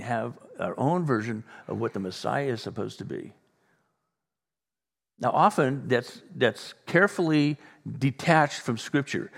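A man preaching a sermon as pastor, animated, playing out the voices of the people he talks about. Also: medium pitch. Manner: animated, acts out voices of others. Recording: long reverb in a large room.

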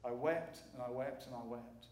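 A man's voice: medium pitch, normal speed, a little mellow. A middle-aged man preaching as a guest speaker, earnest and emphatic, repeating words for weight. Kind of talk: sermon. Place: church sanctuary. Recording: echoey church hall.

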